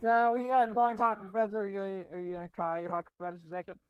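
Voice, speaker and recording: A player chatting casually at a game table, rambling and halting. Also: medium pitch, clear, resonant tone, phone-quality sound. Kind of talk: casual chat.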